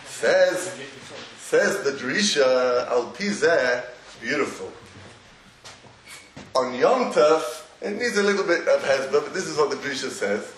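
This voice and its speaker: A man giving a Talmudic lecture to a small audience, halting, many restarts and frequent laughs. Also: medium pitch. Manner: animated, halting with repeated restarts, laughs often. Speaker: Torah teacher. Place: echoey room with a live audience. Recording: roomy echo, faint noise.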